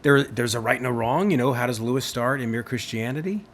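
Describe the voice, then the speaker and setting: A man giving a theology lecture, animated and emphatic, asking his listeners rhetorical questions. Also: mid-range voice, brisk, slight background noise. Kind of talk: recorded lecture.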